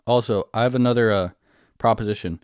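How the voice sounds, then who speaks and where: A young man with a lowish voice reacts to his own gameplay in loose, casual commentary. He swears freely and jumps from muttering to sudden loud outbursts. His voice sounds close and dry, with no room sound. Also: fast talker, clean tone, dry recording. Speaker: gaming video creator.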